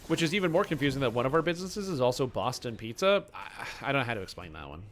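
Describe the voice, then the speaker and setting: A man's voice: mid-range voice, lively intonation, quick pace, fairly bright tone, slight background noise. A man from Canada streaming a game and chatting casually, sarcastic and rambling as he answers chat. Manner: sarcastic, rambling, mocking quoted voices.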